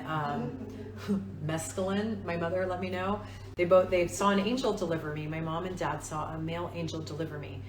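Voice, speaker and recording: A woman in her forties hosting a casual live stream, talking in an earnest, confiding way about crystals. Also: low voice. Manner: soft-spoken, earnest, confiding. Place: room with other people. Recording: roomy, distant mic.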